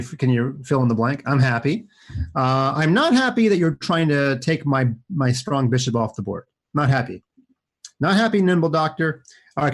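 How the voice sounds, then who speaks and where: Husky, animated man commenting chess for kids. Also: mid-range voice. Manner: playful, chatty, jokey asides to kids. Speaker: chess streamer playing kids online.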